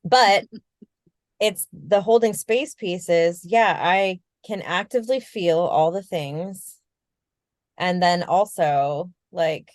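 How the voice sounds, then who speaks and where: A woman with a fairly low voice chats candidly on a podcast, musing out loud, dropping the odd swear word and breaking into laughs. The sound is dry and close. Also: takes it slowly, dry recording. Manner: candid, reflective, swears casually, laughs often. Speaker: podcast co-host. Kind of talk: casual podcast chat.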